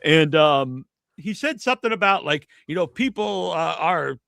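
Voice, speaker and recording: A man's voice: fairly high pitch, lively intonation, normal speed, vocal fry, a bit bright, dry recording, studio quality. A man co-hosting a show, telling gossipy stories in casual chat with lots of fillers. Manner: gossipy storytelling, filler-heavy. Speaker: show co-host.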